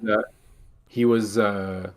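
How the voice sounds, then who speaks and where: A man's voice: on the low side, fairly even intonation, takes it slowly. A man from Canada co-hosting a casual talk show, rambling with lots of fillers. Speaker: co-host. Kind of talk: casual chat.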